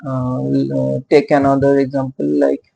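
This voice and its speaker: A male teacher, explaining poetry meter in a halting way, with many fillers and questions put to his listeners. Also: mid-range voice, monotone, creaky, dark tone, low-quality recording. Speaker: literature teacher. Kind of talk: casual classroom-style explanation.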